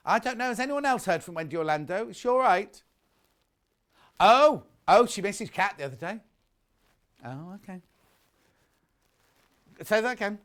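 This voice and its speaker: On a live shopping broadcast, a middle-aged British man talks in a high, expressive, fairly bright voice at normal speed, leaving long pauses. He reads viewer messages and chats gossipily between products, prone to rambling asides.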